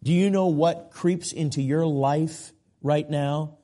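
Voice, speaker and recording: A man's voice: fairly high pitch, fairly even intonation, slow, warm tone. A middle-aged man from the United States, preaching as an evangelist with passion, repetition and frequent restarts. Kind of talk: sermon.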